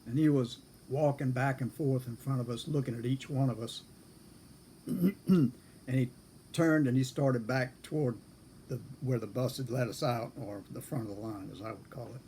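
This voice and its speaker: A man in his seventies casually telling a story from his service days, unhurried and chuckling now and then. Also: mid-range voice, mellow, slight background noise. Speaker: storyteller recalling military service.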